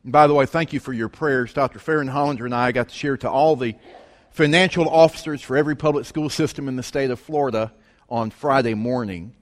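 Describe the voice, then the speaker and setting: A man preaching, telling a story in an animated way and acting out the voices of the people in it. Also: medium pitch. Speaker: pastor. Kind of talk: sermon storytelling. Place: church sanctuary. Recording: long reverb of a large hall.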